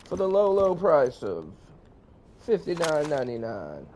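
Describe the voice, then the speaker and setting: A cheesy male infomercial announcer, as a man puts him on, stretching every word in a slow, drawn-out sales pitch. The voice sits a touch high for a man, with faint noise underneath. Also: wildly swooping pitch, a little mellow. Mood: salesy. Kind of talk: mock advertisement.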